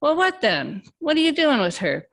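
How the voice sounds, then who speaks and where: A man's voice: very high-pitched, wildly swooping pitch, moderate pace, creaky, a bit bright, pitched above the performer's own voice, exaggerated voice. A woman reading a story aloud, voicing a rude, violent male drug dealer who drawls and snarls. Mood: menacing.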